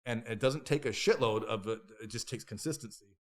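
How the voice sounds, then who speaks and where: A man telling stories as a podcast guest, animated and profane, acting out what others said in bursts. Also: mid-range voice, a little fast. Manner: animated, profane, acts out quoted voices. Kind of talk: casual interview storytelling.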